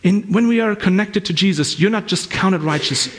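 Male preacher, high-pitched voice, husky tone, earnest conversational sermon, frequent restarts. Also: moderate pace, fairly bright tone.

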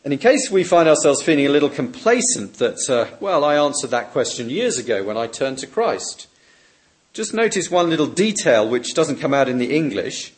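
A man preaching a sermon, measured and emphatic, lifting his voice on questions and dropping softly on key words. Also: mid-range voice, big pitch swings.

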